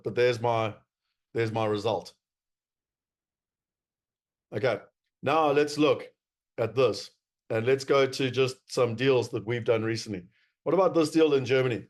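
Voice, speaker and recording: A man's voice: medium pitch, darkish tone. A man with a South African accent giving a presentation to investors, emphatic and wry, with many fillers. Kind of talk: presentation talk.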